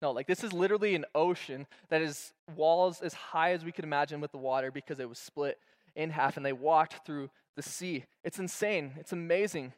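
A man's voice: fairly high pitch, brisk. A young man preaching a sermon as pastor, casual and slangy, acting out stories as he goes.

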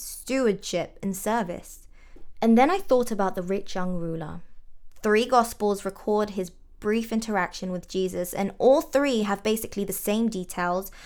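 A woman reading a first-person devotional essay aloud in a calm, measured, reflective scripted narration. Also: mid-range voice.

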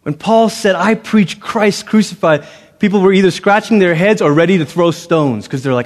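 A man preaching a sermon as pastor, swinging between loud emphatic lines and hushed ones. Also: high voice, moderate pace. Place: church sanctuary. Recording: long reverb of a large hall.

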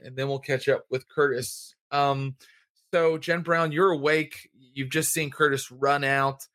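A man's voice: medium pitch, fairly bright tone. A man narrating a tabletop game as game master, in a loose, rambling way with many fillers.

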